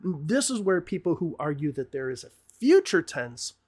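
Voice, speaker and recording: A man's voice: on the high side, very animated, normal speed, a little mellow. A middle-aged man teaching an English grammar lesson, explaining patiently step by step with examples.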